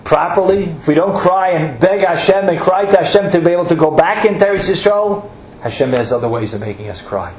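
A rabbi delivers an earnest sermon, drawing out words for emphasis and working in Hebrew terms. His voice sits high and is expressive, fairly quick, and a little mellow. The room is echoey with faint ambience.

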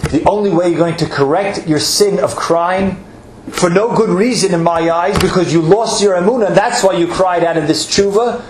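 A man's voice: sits high, normal speed, slight background noise. A man giving an earnest sermon, stretching out words for emphasis and weaving in Hebrew terms. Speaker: rabbi. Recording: echoey room with faint ambience.

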